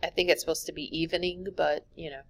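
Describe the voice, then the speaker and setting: Woman, slightly low voice, history teacher, recorded slide lecture, casual, lots of fillers, fixes her own slips. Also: fairly even intonation, fast. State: yawning, sleepy.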